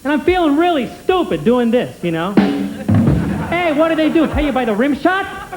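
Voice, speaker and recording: A man's voice: very high-pitched, sing-song, normal speed, over loud music, low-quality recording. A man doing a stand-up comedy routine in a sketch, with brash wisecracking patter that needles the audience. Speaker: stand-up comic character.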